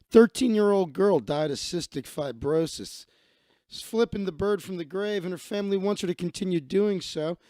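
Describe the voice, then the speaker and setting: A man's voice: sits high, creaky, darkish tone, no echo, clean studio sound. A man hosting a live stream, reading news stories aloud and ranting bluntly with heavy profanity.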